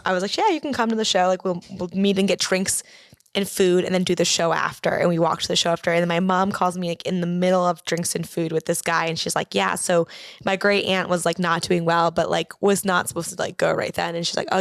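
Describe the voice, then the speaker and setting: A woman's voice: on the low side, fairly even intonation, brisk, creaky, no room sound, clean studio sound. A young adult woman comedian, a podcast guest, telling a long rambling story and acting out the people in it with lots of "like". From Boston area. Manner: rambling, frequent "like", acts out quoted voices. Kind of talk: casual chat, storytelling.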